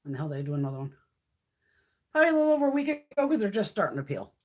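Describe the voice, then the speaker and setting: A fifties-aged woman rants profanely and bluntly during a casual beauty livestream at her mountain-area home. Her mid-range, darkish voice races along with big swings in pitch.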